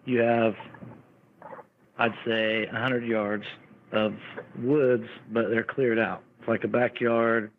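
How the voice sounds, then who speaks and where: A man's voice: medium pitch, little pitch movement, slow pace, slight background noise. A man casually telling a rambling story about his neighborhood, often quoting neighbors. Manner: rambling, restarts and quotes neighbors. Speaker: caller telling an encounter story. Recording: tinny phone line.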